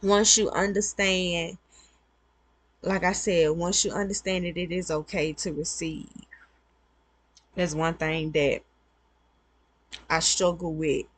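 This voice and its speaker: Brief: woman vlogger, slow unhurried delivery, lowish voice, earnest advice talk. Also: level tone. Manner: earnest, repetitive, conversational. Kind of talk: casual advice monologue.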